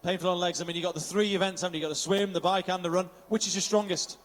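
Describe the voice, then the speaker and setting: At the finish area of an outdoor triathlon, a man gives upbeat live commentary, announcing, interviewing, rattling off finishers' names, and slipping in Welsh phrases. His high voice races along with fairly even intonation, trailing a long reverb.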